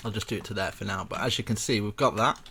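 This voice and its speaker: A man's voice: fairly low pitch, fast talker, vocal fry, pushed and bright, slight background noise. A young man casually walking viewers through a building tutorial step by step, chatty and rambling with self-mocking asides.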